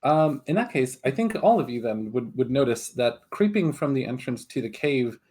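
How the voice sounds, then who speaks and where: A man's voice: mid-range voice, very animated, moderate pace, darkish tone, breathy edge. A man narrating a tabletop game as game master, hesitant with many fillers.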